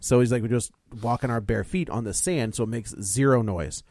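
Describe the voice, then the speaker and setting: Animated man recapping a film. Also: medium pitch, brisk, dry recording. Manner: animated storytelling, acts out reactions. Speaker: podcast co-host. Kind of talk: casual chat, recapping a film.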